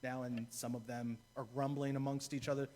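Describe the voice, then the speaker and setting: A man's voice: mid-range voice, flat delivery, a little fast, darkish tone, a little hiss or hum. A man, a deacon, preaching a sermon in a church, telling a story and repeating key phrases for emphasis.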